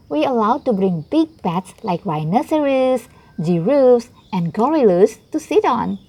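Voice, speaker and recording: Woman storybook reader, higher voice, lively and husky, playful read-aloud. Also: measured pace. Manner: playful, expressive first-person reading. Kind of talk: children's picture book read aloud.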